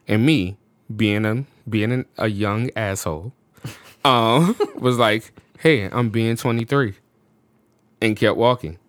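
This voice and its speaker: Speaking slowly in a lowish voice with no echo, an American podcast guest recounts a personal story. He's relaxed yet animated, peppering his speech with fillers such as "you know what I'm saying".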